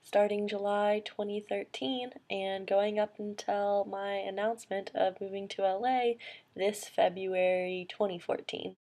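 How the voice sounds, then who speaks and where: A woman's voice: medium pitch, little pitch movement, dark tone. Bubbly young woman vlogging at home. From Colorado, United States. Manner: bubbly, gushing, quick asides. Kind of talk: casual vlog chat. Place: home bedroom.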